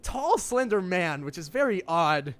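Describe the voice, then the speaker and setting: A man's voice: high-pitched, big pitch swings, a little slow, a bit bright. A man narrating as game master of an online tabletop game, laughing often and voicing the characters. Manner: laughing, voices the characters with restarts.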